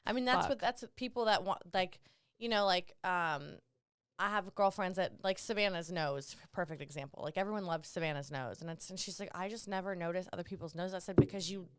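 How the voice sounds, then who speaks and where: A woman's voice: lowish voice, brisk, clear, resonant tone, no echo, clean studio sound. A young woman co-hosting a podcast, rambling chattily with lots of "like" and the odd swear. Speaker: podcast co-host. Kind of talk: casual chat.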